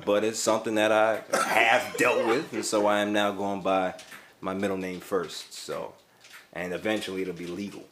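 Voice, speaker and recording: A man's voice: on the low side, little pitch movement, normal speed, noisy background. A man, a guest on a casual podcast, talking in a wry, self-mocking way with formal wording and frequent laughs. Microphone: chewing candy near the mic.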